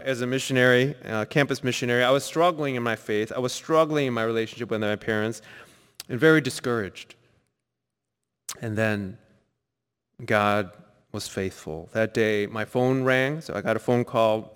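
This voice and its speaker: A man preaching a sermon, telling a personal story, sometimes quiet and reflective, sometimes emphatic. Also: medium pitch, clean tone, big-room sound. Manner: storytelling, shifts between soft reflective and emphatic. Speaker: pastor. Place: church sanctuary.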